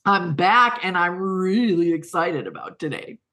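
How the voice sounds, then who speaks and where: A woman's voice: lowish voice, expressive, measured pace, fairly bright tone. Earnest, heartfelt middle-aged woman. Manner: heartfelt, earnest, laughs often. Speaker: guest, coaching academy co-founder. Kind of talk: podcast conversation.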